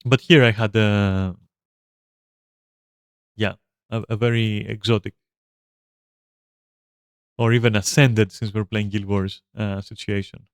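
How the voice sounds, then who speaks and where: A man's voice: lowish voice, fairly even intonation, slow, pauses often, smooth, no room sound, clean studio sound. A man giving casual gameplay commentary as a streamer, rambling, swearing freely and filling his talk with "like" and "you know". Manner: rambling, profane, with frequent fillers.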